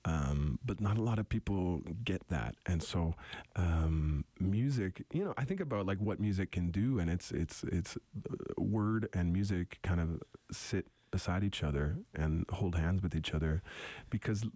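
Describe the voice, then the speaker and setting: A young adult man from eastern Canada with a deep radio voice, talking reflectively as a musician guest in an interview, halting and restarting often. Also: warm tone, dry recording. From Wolastoqey territory, eastern Canada. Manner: thoughtful, halting, many restarts.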